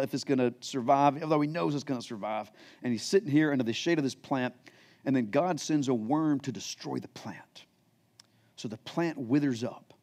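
A man's voice: medium pitch, darkish tone. A middle-aged male pastor preaching a sermon, retelling scripture in everyday words. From United States. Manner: storytelling, paraphrasing scripture in plain modern words.

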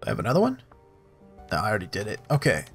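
A man hosting a let's play, reading game text aloud and thinking out loud in a relaxed, casual way. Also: lowish voice, racing, slightly rough, faint music behind.

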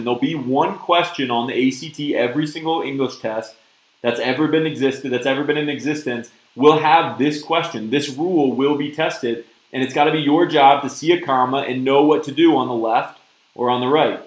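A man with a mid-range voice teaches a live-streamed test prep lesson in a virtual classroom, speaking at normal speed. He's upbeat and keeps checking in with "okay?" and "right?". The recording is reverberant and rough.

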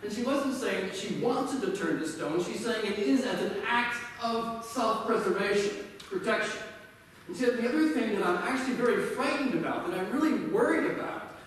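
Pastor preaching in an echoey hall. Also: male voice, high voice, expressive, normal speed, slight background noise. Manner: conversational storytelling, self-deprecating humor. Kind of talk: sermon. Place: church sanctuary. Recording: echoey church hall from far off.

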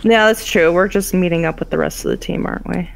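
A woman co-hosting a let's play, trading deadpan jokes as she watches the game. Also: lowish voice, fast, vocal fry. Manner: deadpan, joking. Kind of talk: casual gameplay commentary.

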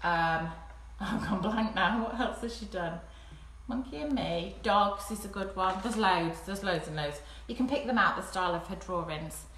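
A woman leading a live craft session for young children at home, talking gently and encouragingly. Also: mid-range voice, normal speed, noisy background. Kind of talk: live-streamed play-along craft session. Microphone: phone camera. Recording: echoey room at home.

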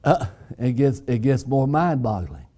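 A man preaching a sermon as pastor, deliberate and emphatic, repeating key phrases. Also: mid-range voice, lively intonation, warm tone. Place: church sanctuary.

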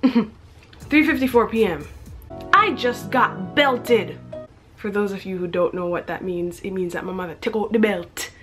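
A young woman reading her teenage diary aloud, breaking off for chatty, self-mocking asides and frequent giggles. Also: a little high. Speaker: vlogger.

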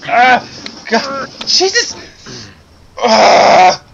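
A gamer narrates his gameplay, exclaiming and pleading with the game in exasperation, his voice very high-pitched, gravelly and sing-song with drawn-out words. It was captured on a dull lo-fi mic full of loud noise and clicks.

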